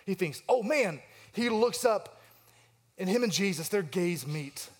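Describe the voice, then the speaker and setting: A man's voice: high voice, expressive, measured pace. A man preaching an expository sermon, reading verses and acting out the quoted lines, asking his listeners questions. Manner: asks the congregation questions. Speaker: pastor.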